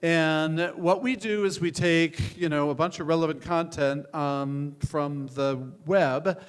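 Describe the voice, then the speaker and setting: An older venture capitalist gives a founder frank, joking feedback on his pitch, stopping and restarting his sentences. His voice is fairly high for a man, clear and resonant, with a steady tone and slow pace, recorded in a hall with a long echo.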